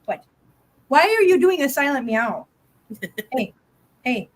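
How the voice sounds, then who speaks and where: A woman chats casually on a live stream from home. Her voice sits a little high, and she laughs often and slips into a cooing tone for her cats. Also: sing-song, slow. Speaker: host.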